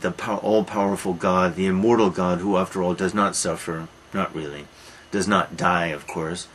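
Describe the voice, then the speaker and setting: A man's voice: low-pitched, a bit bright, slight background noise, rough recording. A man lecturing on a Greek tragedy, retelling it as a dramatic storyteller who repeats words for emphasis. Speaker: literature lecturer.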